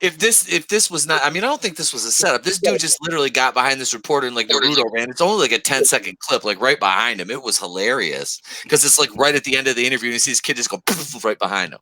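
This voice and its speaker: Male co-host, lively storyteller, bright tone. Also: medium pitch, fast, few pauses, low-quality recording. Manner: animated storyteller, acts out quotes. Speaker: podcast co-host. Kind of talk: casual podcast chat.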